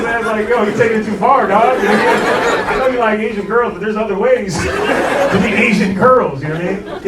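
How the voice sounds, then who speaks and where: A man's voice: sits high, far from the mic, heavy background noise. Brash, slangy young man on a club stage. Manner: slangy, loose and brash, full of swearing. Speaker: stand-up comedian. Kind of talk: stand-up comedy set. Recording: roomy club sound, laughing crowd. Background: audience laughter.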